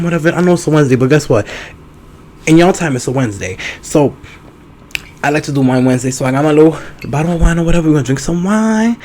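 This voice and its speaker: A man hosting a podcast, talking loud, campy and playful in casual chat. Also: a little high, slight background noise. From New York. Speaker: podcast host.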